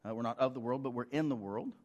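Middle-aged pastor, conversational sermon. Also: male voice, medium pitch, fast talker, darkish tone, muffled recording. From United States. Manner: conversational, rhetorical questions to the congregation.

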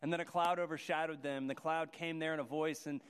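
A man's voice: a little high, fairly even intonation, fairly quick, clean tone. A man preaching a sermon, earnest and restarting his phrases as he goes. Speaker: pastor. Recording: long hall reverb.

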